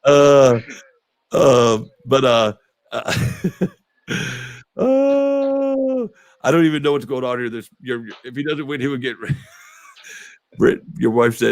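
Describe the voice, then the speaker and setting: A man's voice: mid-range voice, expressive, slow, pauses often, no echo. A man hosting a casual interview show, rambling with lots of fillers, swearing freely and laughing often. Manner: rambling, profane, laughs a lot. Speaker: podcast host.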